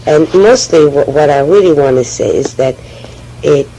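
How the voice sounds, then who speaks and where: A woman with a French accent, speaking haltingly and often restarting as she tells her personal oral history. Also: sits low, lively intonation, warm tone, slight background noise, low-quality recording. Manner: hesitant, halting, with frequent restarts. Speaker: memoir speaker.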